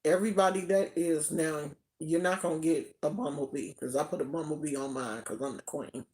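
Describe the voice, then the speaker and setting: A woman's voice: low-pitched, fairly even intonation, fairly quick, darkish tone. An older woman hosting a spiritual channel, chatting casually on a livestream in a rambling way. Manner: chatty, rambling, with fillers and restarts. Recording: roomy echo.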